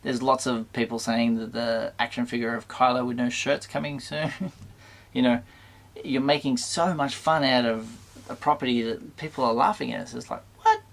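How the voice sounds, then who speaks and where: A man with a middle-pitched voice and a noticeably gravelly edge talks straight to his viewers. His delivery is casual and halting, full of restarts and mild exasperation. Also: fairly even intonation. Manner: hesitant, halting, with many restarts; mildly exasperated, conflicted. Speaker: toy channel host reviewing a film. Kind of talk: casual spoken review to camera.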